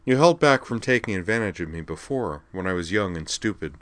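A man reading aloud and putting on a wry, forthright young woman student, raised above his own deep voice. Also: animated, a little fast, a bit bright, no room sound. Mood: teasing. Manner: wry, teasing.

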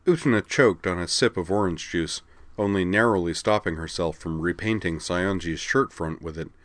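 A man narrating a story aloud in an even, measured way. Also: low voice, no echo. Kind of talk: audiobook narration.

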